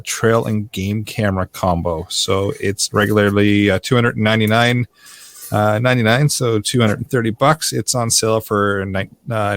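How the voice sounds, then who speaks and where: A Canadian man runs a podcast in a relaxed, chuckling way. His voice sits low and has a gravelly edge. He moves the chat along from one segment to the next. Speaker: podcast host.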